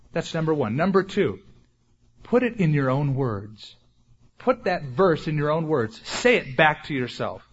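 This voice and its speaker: A man preaching a sermon in an earnest, deliberate way, slowing down and rising in force on questions. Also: a little high, slightly rough, highs cut off. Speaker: pastor.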